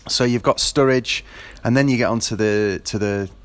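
A man's voice: medium pitch, moderate pace, clean tone, faint music behind. A man talking about his football team in a casual monologue, rambling with many fillers and restarts. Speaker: football fan.

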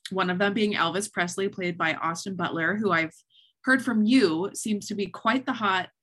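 A woman's voice: medium pitch, moderate pace, a bit bright, breathy edge. A woman co-hosting a podcast, chatting casually with many fillers and frequent laughter. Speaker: podcast co-host. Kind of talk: casual chat.

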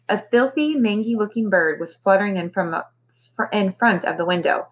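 Teacher reading a chapter book aloud to a class; woman, expressive, mid-range pitch. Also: normal speed, poor audio. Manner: expressive storytelling. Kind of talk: reading a children's novel aloud.

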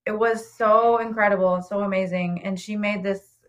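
A woman's voice: mid-range voice, fairly even intonation, moderate pace. Enthusiastic chatty woman. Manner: chatty, enthusiastic, lots of fillers. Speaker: guest. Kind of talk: casual chat.

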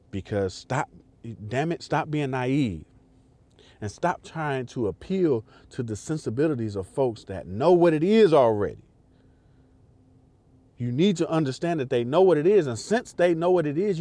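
A podcast host with a warm, mid-range male voice speaks straight to his listeners. He delivers an impassioned political monologue that is emphatic, repetitive and profane.

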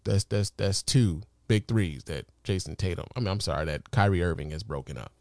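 A man's voice: deep voice, a little fast, darkish tone, dry recording, studio quality. A man hosting a podcast, talking through sports commentary in a loose, profane, conversational way with lots of fillers. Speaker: podcast host. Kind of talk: casual commentary monologue.

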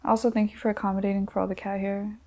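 A woman in her twenties, a podcast guest, chatting casually in relaxed, slangy talk full of "like". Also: mid-range voice, rapid-fire. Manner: relaxed, slangy, many "like" fillers. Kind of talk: casual chat.

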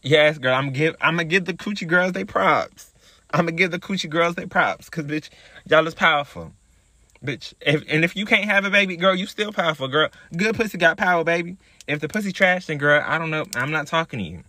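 A man's voice: on the high side, a little fast, pushed and bright, dry recording. A man hosting a podcast, telling a story in a sassy, profane, chatty monologue. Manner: sassy, profane, chatty, calls listeners girl. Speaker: podcast host.

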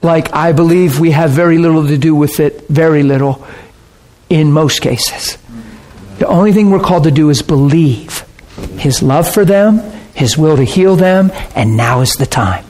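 Middle aged guy preaching, telling stories animated, voice sits kinda high. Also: moderate pace. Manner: animated, acts out quotes with big pitch jumps. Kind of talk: sermon storytelling.

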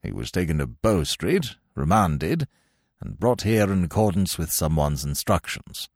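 A man puts on a blustering old colonel who barks his words sternly, as in a dramatic audiobook. The voice sits low but swings widely in pitch, recorded close and dry. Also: big pitch swings, unhurried, vocal fry, dry recording, full character voice. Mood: brisk. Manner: loud, stern, barking. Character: blustering old male colonel, prison governor.

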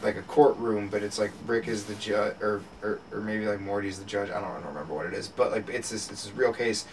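A man's voice: lowish voice, steady tone, quick pace. Rambling, swearing man on a distant mic. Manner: rambling, swearing, laughs often, many restarts. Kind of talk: casual podcast chat. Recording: distant mic with faint background noise.

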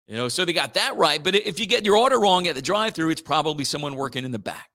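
Male morning radio host, loose and jokey, bright forceful tone, a bit high-pitched. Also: expressive, quick pace, few pauses. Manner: rambling, joking, does playful robot voices.

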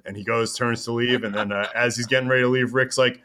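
A man with a bright, forceful voice hosts a casual podcast. He recaps a wrestling show in an animated, storytelling way, with quick asides along the way. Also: mid-range voice. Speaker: podcast host.

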